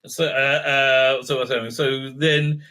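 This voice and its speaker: A man's voice: mid-range voice, level tone, unhurried, pushed and bright. A man giving a casual, mocking review commentary, full of filler words and restarts. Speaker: TV show reviewer.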